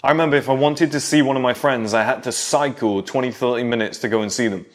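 A man's voice: medium pitch, quick pace. Man reminiscing to younger viewers. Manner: nostalgic, lecturing younger viewers directly. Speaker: vlogger. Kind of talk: casual monologue to camera.

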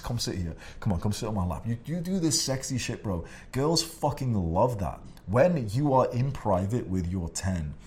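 A man's voice: on the low side, a little mellow. A man talking as a dating coach in a casual monologue, brash and profane and full of fillers.

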